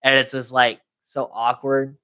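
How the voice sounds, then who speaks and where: Bright-voiced podcast co-host, casual. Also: medium pitch, flat delivery, measured pace, clear, resonant tone. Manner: retells scenes, quoting characters in put-on voices. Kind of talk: casual movie recap chat.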